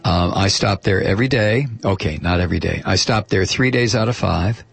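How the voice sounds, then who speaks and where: Male talk radio host, husky and dry, opinionated reader of listener mail. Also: sits low, brisk, no echo. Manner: chatty and opinionated, reads listener mail aloud.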